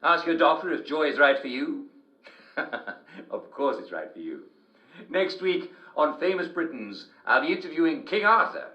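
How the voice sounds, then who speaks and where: A man's voice: a little high, big pitch swings, moderate pace, echoey room, muffled recording. An actor playing a jovial, smarmy TV talk show host with slick, chuckling showman patter. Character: smarmy, jovial English TV host, middle-aged man. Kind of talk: video game character acting.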